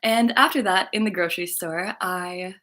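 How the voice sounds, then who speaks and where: A woman's voice: fairly low pitch, moderate pace, pushed and bright. A woman telling a personal story in a casual monologue as a spiritual channeler. She talks in a chatty way, full of fillers, and laughs now and then. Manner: chatty, lots of "like" fillers, laughs while talking. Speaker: spiritual channeler and content creator.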